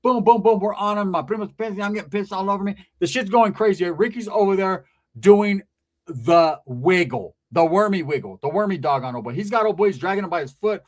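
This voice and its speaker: High-voiced man telling a wild tale. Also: fairly quick. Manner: profane street slang, animated, acts out voices. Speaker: storyteller. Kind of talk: comedic storytelling.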